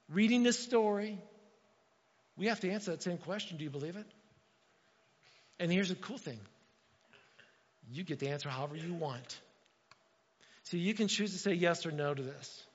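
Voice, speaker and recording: Man, middle-aged pastor, sermon, dramatic loud bursts, long church reverb. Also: sits high. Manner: preaching with sudden loud bursts and dramatic quoted voices. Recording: dull, reverberant church hall.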